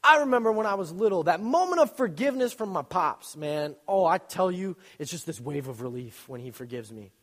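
Animated young man preaching in a reverberant hall. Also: high-pitched, a little fast, hardly any pauses. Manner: animated, joking storyteller with sudden loud bursts. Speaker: youth speaker. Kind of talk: casual sermon.

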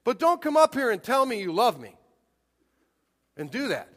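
A man in his forties delivers a sermon in a high voice. He talks emphatically and leans hard on his key points. The sound carries a long reverb, as in a church hall. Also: very animated, normal speed. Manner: emphatic, rising to near-shouts on key points. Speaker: pastor.

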